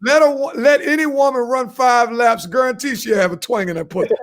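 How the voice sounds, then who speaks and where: A man's voice: very high voice, a little fast, a bit bright. A man co-hosting a comedy podcast, giving crude advice in a boastful, repetitive way and laughing at his own jokes. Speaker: podcast co-host.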